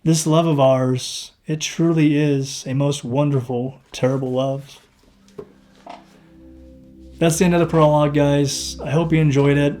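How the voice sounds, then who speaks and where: A man reading his own novel aloud in the first person with a dry throat, expressive and acting out the dialogue. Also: a little high, unhurried.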